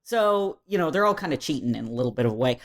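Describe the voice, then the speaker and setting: A woman's voice: a bass voice, lively intonation, fast. A woman co-hosting a podcast, recapping a game in casual chat with frequent laughs and fillers. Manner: chatty, laughs often, lots of fillers. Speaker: podcast co-host.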